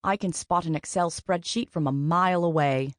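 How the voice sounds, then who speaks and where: Woman doing a charming young man, clipped accent, teasing, smooth, lowish voice, dry close sound. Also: normal speed, no room sound, close to an everyday voice. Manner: teasing, smooth, calls her darling.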